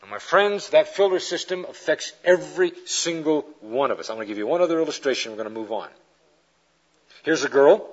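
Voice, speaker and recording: Male preacher, fairly high husky voice, animated storyteller, dull old recording. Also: fairly quick. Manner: animated storyteller acting out quoted characters. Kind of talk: lecture-style sermon with illustrations.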